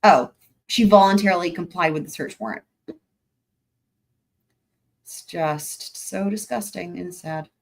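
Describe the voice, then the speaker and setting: Low-voiced woman musing over case files. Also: measured pace, gravelly, long pauses. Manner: thinking aloud, hesitant with fillers and restarts; wry, sarcastic asides. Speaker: true-crime commentator. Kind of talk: casual commentary while reading case documents.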